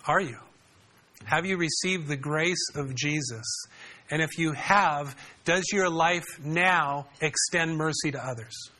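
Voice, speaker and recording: Conversational pastor preaching, slightly high voice. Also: male voice, slow, pushed and bright. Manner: conversational, asks the congregation questions. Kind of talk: sermon.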